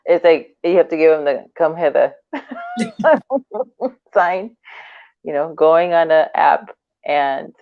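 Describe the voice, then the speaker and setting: Low-voiced woman on a tinny line. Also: sing-song, slow, pauses often, no echo. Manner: laughs often, acts out quoted dialogue. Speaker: podcast co-host. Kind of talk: casual chat. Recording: dry, tinny phone-like line.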